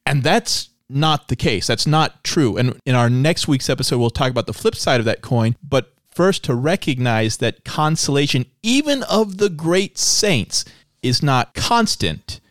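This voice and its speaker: A man hosting a relaxed conversation about prayer, earnest and a bit self-mocking. His voice sits in a middle register. The sound is dry and close, with no room around it. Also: medium pitch, unhurried, no room sound. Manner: earnest, self-deprecating, animated when quoting himself. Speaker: podcast host. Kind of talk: casual faith discussion.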